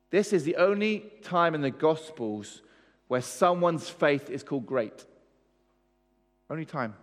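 A man preaching a sermon, pressing his points with rhetorical questions and repetition. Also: sits high. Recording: long hall reverb.

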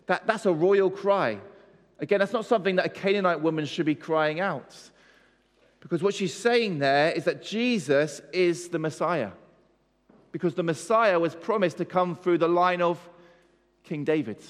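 A man preaching with emphasis, pitched a little high and putting questions to his congregation. His voice rings with a long reverb in a church hall. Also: moderate pace. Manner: emphatic, asks the audience questions. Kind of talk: sermon.

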